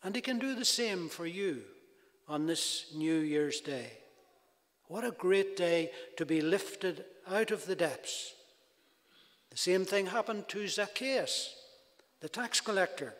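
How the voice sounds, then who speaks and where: A man delivers a sermon at an unhurried, measured pace, his voice sitting somewhat high for a man. He leans into quoted prayers with rising emphasis. The recording carries a long, echoing reverb of a large hall. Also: lively intonation, fairly bright tone. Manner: slow, deliberate preaching with emphatic rises on quoted cries. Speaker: preacher.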